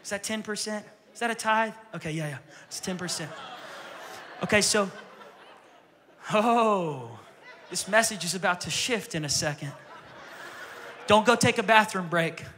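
A male pastor preaching a sermon in a church with energetic, repetitive phrasing that sometimes drops to a whisper. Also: high voice, unhurried, pauses often, big-room sound, a little hiss or hum. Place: church sanctuary.

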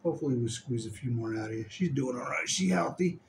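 A man's voice: mid-range voice, expressive, quick pace, vocal fry, a little hiss or hum. A man talking affectionately to his dog in a home video, using doting baby talk and laughing often. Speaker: dog owner filming his dog.

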